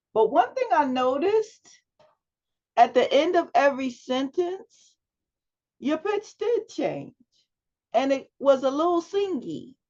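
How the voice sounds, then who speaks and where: A woman's voice: sits high, vocal fry, a little mellow. A woman teaching a public speaking class over a video call, prompting students with questions and giving feedback. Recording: dull lo-fi video call audio.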